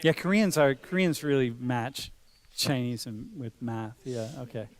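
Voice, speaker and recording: An unhurried, expressive man with a medium-pitched voice leads a university lecture in a large hall. He talks to the class casually and playfully, calling everyone dude and bro.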